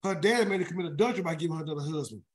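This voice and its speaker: This weekly Bible word study is led by a man whose voice is on the high side and who races along. Between scripture passages read aloud he adds chatty asides, often stumbling and restarting when he hits names.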